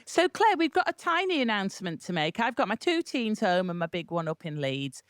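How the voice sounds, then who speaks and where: A woman in her forties co-hosts a podcast. She teases her co-host in a playful way, and her pitch rises and falls a great deal. The sound is close and dry. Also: sing-song, a little fast, no echo. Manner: teasing, playful. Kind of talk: casual chat.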